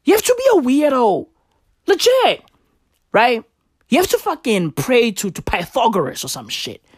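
A woman's voice: a little high, wildly swooping pitch, moderate pace, slightly rough, no echo, clean studio sound. A woman delivering an improvised comic monologue, crude, profane and rambling, with slangy, brash talk and a catchphrase she keeps repeating.

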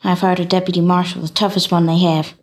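A woman's voice: fairly low pitch, flat delivery, quick pace. An actress playing a stubborn young girl set on justice, speaking bluntly in formal, old-fashioned sentences. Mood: determined. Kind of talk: film dialogue.

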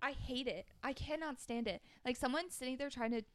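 A woman's voice: high-pitched, brisk, clean tone. A young woman co-hosting a podcast in casual chat, often laughing as she talks. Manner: laughing, animated. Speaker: podcast co-host.

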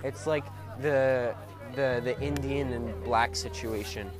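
A young man co-hosting a casual podcast while walking on an outdoor track, joking around, breaking into shouts and silly voices. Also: medium pitch, steady tone, slow pace, music in the background. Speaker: podcast co-host. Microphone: phone recording.

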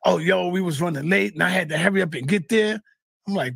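A man telling a heated, profane story in casual talk, often shouting. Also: high voice, quick pace, gravelly, breathy edge, dry recording, clean studio sound. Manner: swears a lot, heated. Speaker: guest. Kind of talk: animated storytelling.

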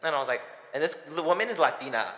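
A young man co-hosting a podcast, telling a story in animated casual chat and acting out quotes with laughs. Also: a little high, racing. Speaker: podcast co-host. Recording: echoey room with long reverb.

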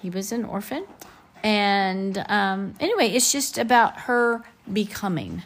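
A woman's voice: medium pitch, measured pace. A woman in her fifties, a podcast co-host and teacher, chatting casually and thoughtfully with frequent fillers. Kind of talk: casual chat.

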